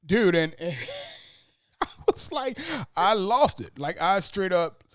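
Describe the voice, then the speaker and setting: A man hosting a casual sports podcast, talking fast and acting out his own stunned reactions. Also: sits high, expressive, fairly bright tone, no room sound, studio quality. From Atlanta area. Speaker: podcast host.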